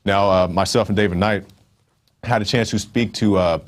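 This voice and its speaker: A man's voice: fairly low pitch, fairly even intonation, normal speed. A man hosting a nightly news show, reading stories and adding loose conversational asides with fillers. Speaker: news host. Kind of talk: news commentary.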